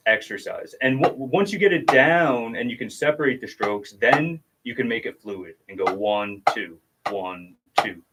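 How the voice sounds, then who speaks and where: A drum teacher streams a relaxed lesson in a very noisy recording, his medium-pitched voice patiently walking through technique as he demonstrates and counts the strokes aloud.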